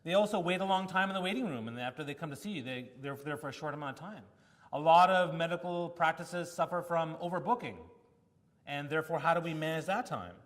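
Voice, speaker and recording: A man speaks at a conference in a lively storytelling manner and acts out the lines of people in his anecdotes. His voice sits a little higher than most men's. The sound carries the long reverb of a large hall. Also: fast talker. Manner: animated storytelling with acted-out quotes. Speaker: keynote speaker. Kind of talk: conference talk.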